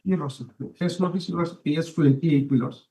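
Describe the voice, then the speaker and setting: Halting lawyer in a roomy courtroom. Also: male voice, on the high side, warm tone. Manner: halting, deferential, keeps saying "your lordship". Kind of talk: courtroom argument.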